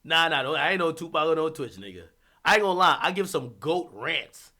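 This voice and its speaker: A man hosting a livestream, ranting about hip-hop in a casual, profane, animated way with bursts of laughter. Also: on the high side, brisk.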